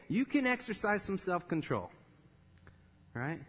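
A man in his thirties preaching a sermon, telling a personal story with laughter and animated delivery. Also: high voice, measured pace. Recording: long reverb of a large hall.

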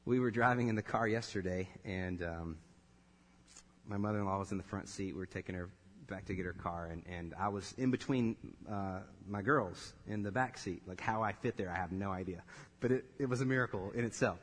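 A man in his thirties preaching a sermon, telling a personal story with laughter and animated delivery. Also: lowish voice, fairly quick, slight background noise. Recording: long reverb of a large hall.

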